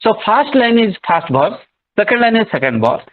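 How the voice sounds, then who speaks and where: A man giving a classroom lecture, explaining slowly and repeating words as he goes. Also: high-pitched, very animated. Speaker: literature lecturer. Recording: muffled lo-fi recording.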